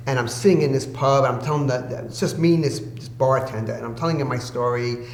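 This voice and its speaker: A man's voice: medium pitch, quick pace. A man telling a long personal story as a podcast guest, acting out the people he quotes. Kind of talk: storytelling in casual conversation. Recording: echoey room with faint hum.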